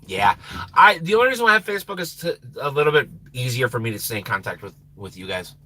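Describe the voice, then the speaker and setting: A man hosting a live stream chats in a loose, rambling way, laughing and losing his train of thought. His voice is bright and slightly husky, and it swoops up and down in pitch. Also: sing-song, fast talker. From Minnesota. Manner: rambling, laughs often, trails off. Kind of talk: casual live stream chat.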